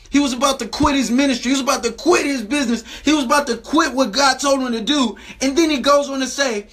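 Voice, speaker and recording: A man with a high, bright voice preaches a Bible lesson straight to his viewers. He talks emphatically and keeps repeating his phrases. He slows down to stress each scripture line and keeps checking in with "right?". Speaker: preacher and video host.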